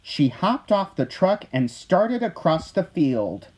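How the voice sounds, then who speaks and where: A storyteller reading a children's picture book aloud in a gentle, expressive way. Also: medium pitch, takes it slowly, a little hiss or hum, low-quality recording.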